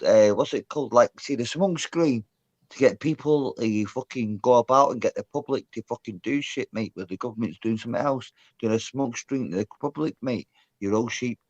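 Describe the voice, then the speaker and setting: A man's voice: medium pitch, a little mellow, no echo, muffled recording. A man with a put-on Scottish accent in a heated voice chat argument, brash and rambling and swearing constantly. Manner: brash, swearing, rambling, says mate and lad. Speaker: guest in a voice chat.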